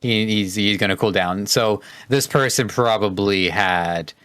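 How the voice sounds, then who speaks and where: A man's voice: lowish voice, a little slow, a bit bright, clear, resonant tone, no echo. A man co-hosting a podcast in casual chat, talking with many hesitations and fillers. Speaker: podcast co-host.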